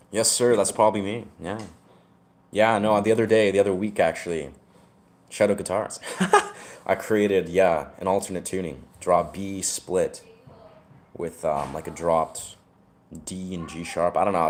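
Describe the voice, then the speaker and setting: Very deep-voiced laid-back rambling man. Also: darkish tone. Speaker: musician. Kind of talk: casual talk to camera.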